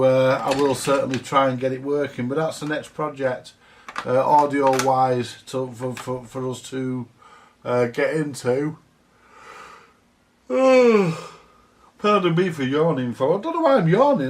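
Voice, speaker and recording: A man's voice: medium pitch, moderate pace, recorded from a distance. A man chatting casually about a repair job, rambling with lots of fillers and the odd swear word. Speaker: vintage audio repair vlogger. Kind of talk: casual workshop talk to camera.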